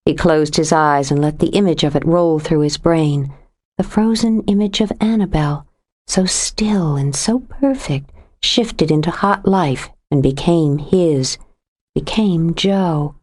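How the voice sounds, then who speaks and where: A woman narrating a suspense audiobook in a steady, measured reading voice. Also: sits low. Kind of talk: scripted narration.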